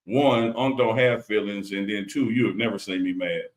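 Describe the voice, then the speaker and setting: Laid-back man with a low voice. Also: fairly even intonation, normal speed. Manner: laid-back, teasing banter. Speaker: co-host of a live stream. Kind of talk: casual sports chat. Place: at home. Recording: roomy home room sound.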